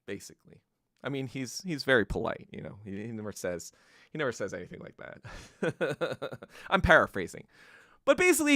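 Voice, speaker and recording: A man's voice: medium pitch, wildly swooping pitch, normal speed, pushed and bright, dry recording, clean studio sound. A man hosting a podcast, telling history in a loose, casual monologue full of swearing and acted-out quotes. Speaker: podcast host.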